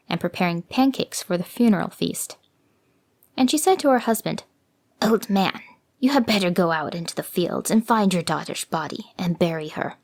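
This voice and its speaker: A woman narrates an old fairy tale with gentle, expressive delivery. Her voice sits at an ordinary middle pitch. She reads in a calm storybook manner.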